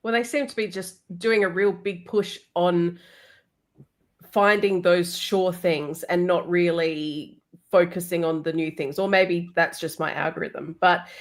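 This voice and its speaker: A woman co-hosting a casual chat, giving dry, measured opinions. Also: on the low side, steady tone. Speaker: co-host.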